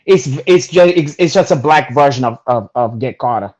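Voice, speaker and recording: A man in casual chat about movies, excitable and profane, stumbling and restarting his sentences. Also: medium pitch, normal speed, lo-fi sound. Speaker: guest.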